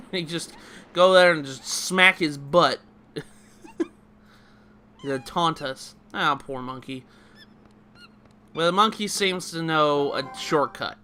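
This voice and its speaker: A man's voice: fairly high pitch, bright, forceful tone. A man giving a casual, chatty game walkthrough, often laughing while he explains each step. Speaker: let's play host.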